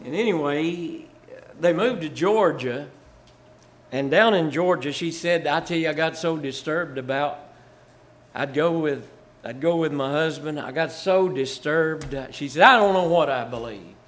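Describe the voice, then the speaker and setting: A man's voice: on the high side, unhurried. An older man from Virginia, a pastor telling church stories in a folksy way, chuckling and rising to fervor. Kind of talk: storytelling testimony.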